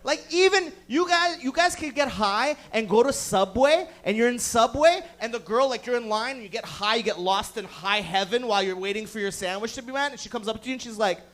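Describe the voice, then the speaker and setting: High-voiced guy doing stand-up, cursing, chatting up the crowd. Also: fairly quick, hardly any pauses, fairly bright tone. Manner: profane, riffing with the audience, acting out voices. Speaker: stand-up comedian. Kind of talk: stand-up set with crowd work. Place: comedy club stage.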